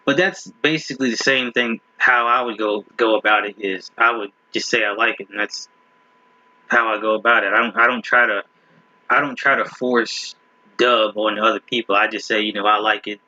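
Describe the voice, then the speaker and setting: A man with a somewhat low, bright and forceful voice speaks at a moderate pace with fairly even intonation, in a dry recording. He hosts a casual reaction video from a slightly muffled home setup, rambling, laughing at clips and often starting sentences over.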